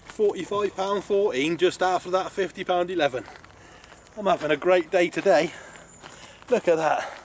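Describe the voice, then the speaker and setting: A man filming his fishing trip by a lake, breathless and excited as he talks over his catch. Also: high voice, normal speed. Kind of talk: excited outdoor vlog chat. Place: outdoors by a lake. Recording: outdoor recording with loud background noise.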